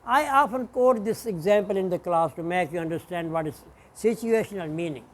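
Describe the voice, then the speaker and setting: A man lecturing as a professor, speaking deliberately and spelling out example words letter by letter. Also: high-pitched. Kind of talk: classroom lecture.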